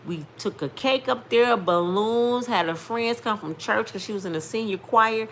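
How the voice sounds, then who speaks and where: A woman's voice: a little high, a little slow, a bit bright, a little hiss or hum. A woman in her fifties speaking directly to her viewers, telling a testimony in an emphatic, preacher-like way. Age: 50s. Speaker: vlogger sharing testimony. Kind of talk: casual storytelling testimony.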